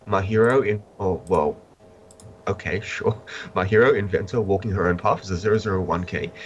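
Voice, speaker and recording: A man with a very low, deep voice talks through a card set in a loose, casual chat. He is blunt and opinionated, with dry humor. A faint hiss of background noise sits under him. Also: normal speed, highs cut off. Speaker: card game reviewer.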